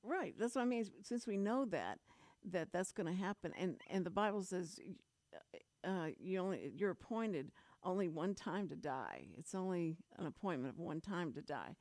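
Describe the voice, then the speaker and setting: A woman hosting a radio talk show, telling a story in lively casual chat and laughing often. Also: on the low side, dry recording. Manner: animated storyteller, laughs often, quick asides.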